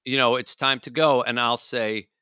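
A man's voice: mid-range voice, moderate pace, clear, resonant tone, dry recording, studio quality. A man co-hosting a casual talk show, telling stories and acting out exaggerated quotes. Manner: animated storyteller, acts out exaggerated quotes. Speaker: co-host.

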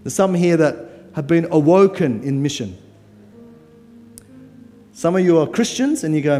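A man preaches a guest sermon in a church hall, speaking casually and with emphasis. His voice is somewhat high and jumps higher on stressed words, with a long hall reverb and faint music beneath. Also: expressive, a little slow, long pauses, mellow.

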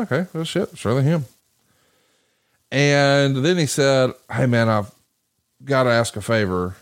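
In a casual podcast conversation, the host spins a long story in a profane, animated way. He slips into the voices of people he quotes, then returns to his easygoing, mid-range delivery.

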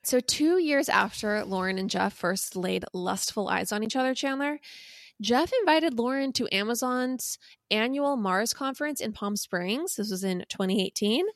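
A woman's voice: on the high side, animated, normal speed, no room sound, studio quality. Playful, teasing young woman podcast host. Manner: playful, teasing, theatrical emphasis. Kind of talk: casual chat, storytelling gossip.

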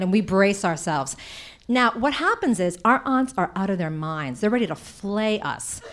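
A woman telling a personal story before a live audience, in an animated, chatty way with many "like"s. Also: mid-range voice.

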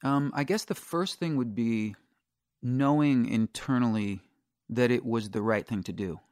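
Middle-aged male guest, mid-pitched voice, dry studio sound, candid storyteller. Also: a little slow, a little mellow, clean tone, dry recording. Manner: candid, storytelling, frequent restarts and swearing. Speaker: guest singer-songwriter. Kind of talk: casual interview chat.

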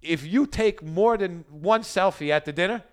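A man's voice: sits high, moderate pace. A man in his forties on a casual chat as a guest, rambling and self-deprecating, stumbling over his words. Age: 40s.

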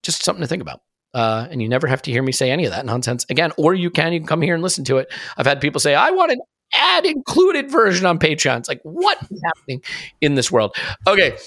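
A man's voice: medium pitch, a bit bright, no echo, studio quality. A man hosting a sports podcast, chatting casually and joking at his own expense. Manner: joking, self-mocking, quick. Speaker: podcast host. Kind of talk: casual podcast chat and ad reads.

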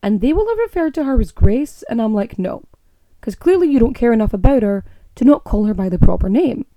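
A woman's voice: fairly high pitch, lively intonation, quick pace, dark tone, dry recording. A young woman with a Scottish accent, hosting a podcast in a casual, opinionated monologue and rolling her R's. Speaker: podcast host.

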